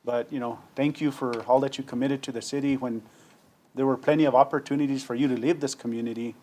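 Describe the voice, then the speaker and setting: A man on a city council making a sincere tribute speech, halting and full of filler words. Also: medium pitch, fairly even intonation, warm tone.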